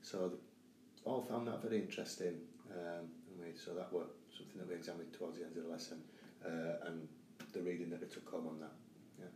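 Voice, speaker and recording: A man's voice: deep voice, fairly even intonation, brisk, darkish tone, recorded from a distance. A man with a Yorkshire accent, a teacher chatting hesitantly on a podcast with many ums and restarts. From Yorkshire, England. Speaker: teacher guest. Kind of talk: casual podcast chat. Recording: roomy echo, off-mic, faint room hum.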